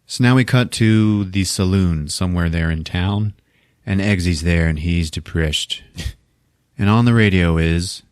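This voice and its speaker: A man hosting a podcast, casually recapping a movie as an animated storyteller who laughs often and swears freely. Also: deep voice, unhurried, clean tone, no echo, studio quality. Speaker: podcast host.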